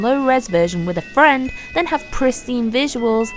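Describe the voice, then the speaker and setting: A high-pitched woman delivering a ranting game review. She is sarcastic and exasperated, and swears freely, with faint music playing behind her. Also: sing-song, normal speed, hardly any pauses.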